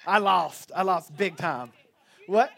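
High bright-voiced playful preacher man. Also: slow pace, gravelly. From Florida. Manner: playful, chatty, polling the crowd. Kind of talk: casual talk to a congregation.

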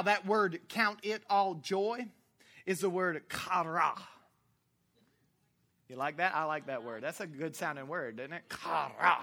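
Pastor, sermon delivery: bright and forceful, animated and jokey, shouts key points, lots of fillers. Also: medium pitch. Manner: frequent "uh" fillers and self-corrections.

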